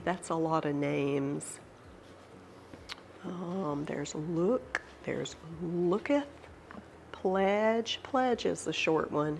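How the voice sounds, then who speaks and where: Slow, gravelly-voiced Southern woman with a cold. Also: low voice, slight background noise. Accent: Southern American. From Georgia, USA. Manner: gentle, unhurried, devout. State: has a cold, nasal voice. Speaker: channel host. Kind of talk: casual tea-time Bible study chat.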